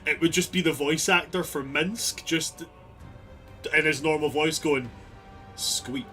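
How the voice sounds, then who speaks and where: A man narrating as game master of a tabletop game, lively and laughing as he tells the scene. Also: on the high side, a little slow, soft background music. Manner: animated, laughing storyteller.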